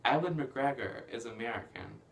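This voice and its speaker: A man casually recapping a film plot, rambling with lots of fillers and bursts of excitement. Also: mid-range voice, moderate pace, creaky, a little hiss or hum. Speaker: movie reviewer.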